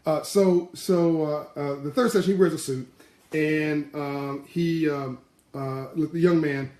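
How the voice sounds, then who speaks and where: A man giving a live-streamed motivational talk in passionate, animated storytelling. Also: on the high side, slow, reverberant. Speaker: motivational speaker.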